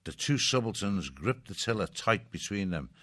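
Deep-voiced man narrating a storybook. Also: sing-song, moderate pace, a bit bright, no echo. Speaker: audiobook narrator.

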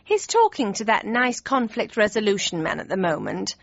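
A woman voicing a kindly, fussy older mother with a high, fluttery manner in an audiobook. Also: very animated, moderate pace, gravelly, slightly rough, no echo, exaggerated voice. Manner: high, fluttery, cheerful fussing. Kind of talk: audiobook character voice. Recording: dry, slightly dull studio read.

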